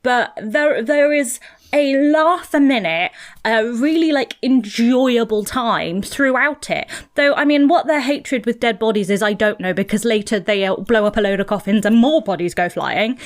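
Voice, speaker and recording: A woman's voice: on the high side, moderate pace. A woman, co-hosting a casual film podcast and retelling scenes with acted-out quotes. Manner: animated storytelling, acts out quotes. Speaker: podcast co-host.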